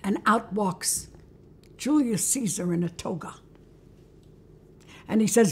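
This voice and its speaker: A woman's voice: medium pitch, lively intonation, slow pace, long pauses, breathy edge. A woman hosting a religious talk, telling a story in a conversational way and inviting listeners along. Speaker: host.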